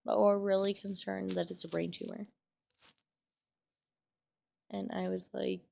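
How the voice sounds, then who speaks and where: Tearful young woman with a gravelly voice. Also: medium pitch, little pitch movement, a little slow, pauses often, darkish tone, lo-fi sound. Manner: emotional, trying to hold back tears; casual, swears often, many fillers. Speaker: vlogger. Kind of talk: personal storytelling vlog.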